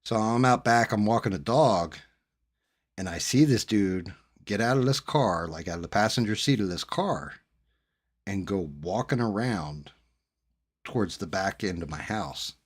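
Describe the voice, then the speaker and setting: A man hosting a stream, telling a profane, animated personal story in a casual chat. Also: fairly low pitch, unhurried. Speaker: streamer host.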